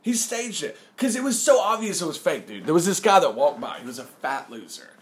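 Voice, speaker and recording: Animated young man, lively pitch. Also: fairly quick. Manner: animated, acts out quotes in raised shouting voice. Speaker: podcast host. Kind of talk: casual podcast chat.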